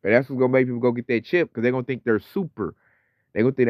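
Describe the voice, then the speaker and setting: A man's voice: medium pitch, very fast, no echo. Slangy male preacher, dull dry recording. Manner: conversational, slangy, acts out quoted voices. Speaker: religious teacher. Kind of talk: informal scripture teaching.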